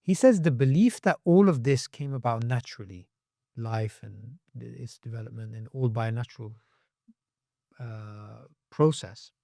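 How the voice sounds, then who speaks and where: A man on a podcast as a guest, talking with animation and acting out quoted voices with sharp jumps in pitch. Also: normal speed, gravelly, dry recording, studio quality. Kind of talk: podcast conversation.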